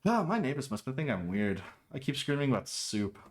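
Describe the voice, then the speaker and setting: This man's voice sits in the middle range and moves at a normal speed as he streams from home, chatting with his viewers. It's a playful, animated casual chat, and he acts out quoted lines in assorted voices.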